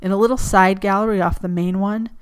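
A woman reading the lines of a male FBI agent trapped in a collapsed building, who sounds hoarse, breathless and wryly understated. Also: medium pitch, fairly even intonation, fast talker, close to an everyday voice.

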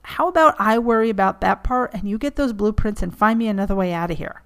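A woman reading the lines of a male FBI agent trapped in a collapsed building, who sounds hoarse, breathless and wryly understated. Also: mid-range voice, quick pace, close to an everyday voice.

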